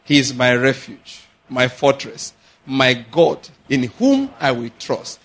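A man's voice: mid-range voice, takes it slowly. A man preaching a sermon as pastor, slipping into pidgin asides and acting out little scenes. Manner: animated preaching with pidgin asides and acted-out quotes.

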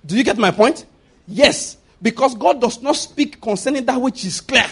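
A man preaching a sermon, lively and laughing often as he acts out voices. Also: very high-pitched, normal speed, gravelly, husky.

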